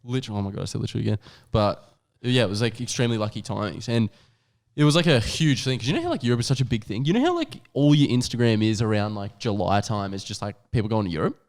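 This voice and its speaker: A man's voice: fairly low pitch, expressive, fast talker, a little mellow. A young adult man, co-hosting a podcast and telling a rambling travel story with lots of "like" and swearing. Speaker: podcast co-host. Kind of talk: casual chat.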